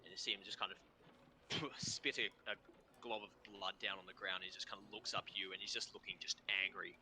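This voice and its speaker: A young Australian man narrating as game master over an online call, halting with frequent fillers. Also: low-pitched, little pitch movement, pushed and bright, a little hiss or hum, low-quality recording. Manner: halting, full of ums and kind-ofs.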